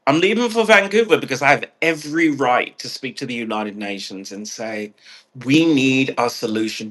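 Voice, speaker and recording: A man's voice: mid-range voice, a bit bright. A man with a stuffed-up nose, rambling and ranting in a casual vlog, swearing freely and restarting his phrases. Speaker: vlogger.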